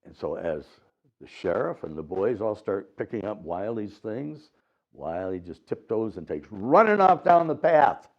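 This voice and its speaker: A man giving a dharma talk at a temple, retelling a story with lively acted-out voices. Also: on the low side, a little slow. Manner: animated retelling, acts out voices. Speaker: Buddhist teacher. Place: temple hall. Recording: dull lo-fi recording.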